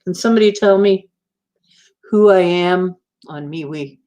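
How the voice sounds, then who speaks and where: A woman's voice: lowish voice, a little slow, warm tone. A woman hosting a casual livestream, chatting in a rambling, teasing way and laughing easily. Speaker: livestream host.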